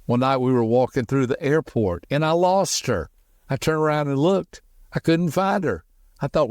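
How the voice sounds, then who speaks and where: Man, middle-aged, motivational podcast host, folksy, quick and emphatic, mid pitch, dry close sound. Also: darkish tone, dry recording. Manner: quick, folksy and emphatic, tells personal stories. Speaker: podcast host and personality teacher.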